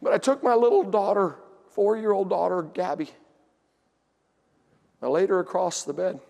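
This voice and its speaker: A man preaching from the pulpit with a strikingly high-pitched voice. He tells a heartfelt personal story and pokes fun at himself. His words ring out with the long reverb of a large church hall. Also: normal speed, creaky, darkish tone. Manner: emotional, self-deprecating storyteller.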